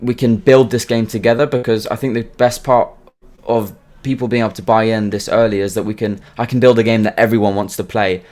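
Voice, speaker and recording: A man speaking as a game creator guest in a casual podcast interview, talking haltingly with frequent restarts and repeated words. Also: on the low side, flat delivery, darkish tone.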